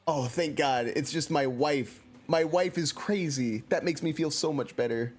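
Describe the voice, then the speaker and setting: A man's voice: fairly high pitch, normal speed, a little mellow, faint music behind. A man streaming a video game, chatting casually in a playful, joking and self-mocking way. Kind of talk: casual let's-play commentary.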